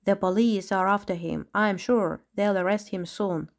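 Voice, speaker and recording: Woman reading as a distressed lion parent, sobbing quietly, storybook voice. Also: medium pitch, fairly even intonation, moderate pace, close to an everyday voice. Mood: worried.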